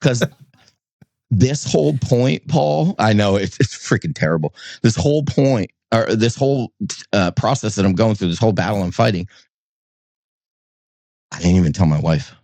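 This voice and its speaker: A middle-aged man from New England, a pastor and podcast co-host, telling a candid personal story and swinging between low somber tones and high exasperated bursts. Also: expressive, normal speed, creaky, long pauses, a little mellow, no room sound.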